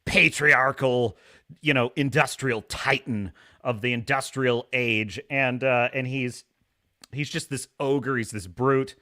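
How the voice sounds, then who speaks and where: A man's voice: mid-range voice, fairly even intonation, slow, bright, forceful tone. A man hosting a casual livestream, talking animatedly, laughing often and reading chat comments aloud. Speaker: livestream host.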